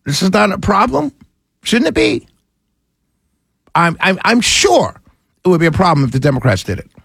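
A male talk radio host with a high, husky voice, speaking into a studio microphone. He rants with exasperation and piles up rhetorical questions at his listeners. The sound is close and dry. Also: big pitch swings, normal speed, fairly bright tone, dry recording.

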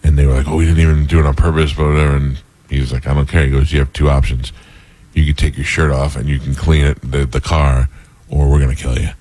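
A man hosting a casual talk show, telling animated stories with laughter. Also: rumbling low, fast, no echo. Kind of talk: casual storytelling chat.

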